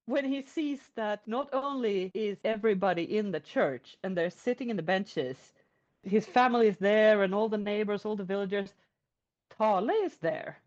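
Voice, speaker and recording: A woman retelling an old folk tale in a chatty, animated storytelling style. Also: medium pitch, moderate pace. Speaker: podcast storyteller. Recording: lo-fi podcast audio.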